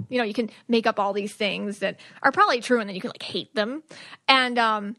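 A woman's voice: fairly high pitch, quick pace, no echo. Chatty woman podcast host, dry sound. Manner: chatty, animated, many fillers. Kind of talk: casual spiritual relationship talk.

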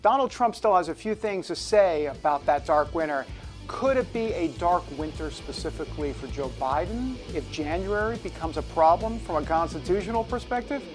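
A man hosting a talk show, chatting in a casual, theatrical way and now and then dropping into a low, ominous voice. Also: expressive, normal speed, soft background music.

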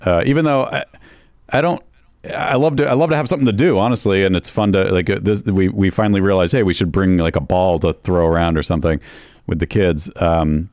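A man's voice: sits low, steady tone, brisk, darkish tone, dry recording, studio quality. A man co-hosting a podcast in casual chat, rambling and hesitant. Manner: rambling, hesitant, many restarts. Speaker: podcast co-host.

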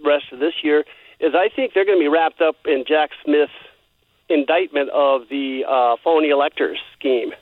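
A man from Oregon calling in to a radio show, speaking in a hesitant, halting way with frequent chuckles. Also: a little high, dry recording. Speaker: caller. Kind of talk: phone-in conversation. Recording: tinny phone line.

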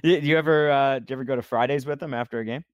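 A male interviewer with a mid-pitched voice asks short questions and laughs along with his guest. His voice sounds dry and close, with no room around it. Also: rapid-fire, dry recording, dull audio.

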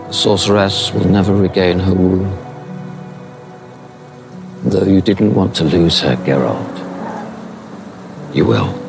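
An actor playing a solemn man who pronounces a grim fate in a grave, measured way in a drama clip. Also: deep voice, vocal fry, over music, full character voice.

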